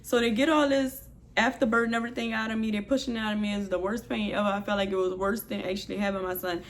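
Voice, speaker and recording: A woman's voice: medium pitch, quick pace, slight background noise. New woman telling her story. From New Orleans, USA. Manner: candid, expressive retelling, heavy use of "like". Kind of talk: storytime vlog.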